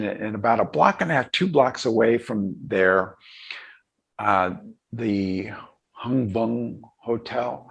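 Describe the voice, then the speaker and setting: An older man, a guest in an interview, telling a personal story in a halting, emotional way with many restarts. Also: on the low side. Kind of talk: reflective storytelling.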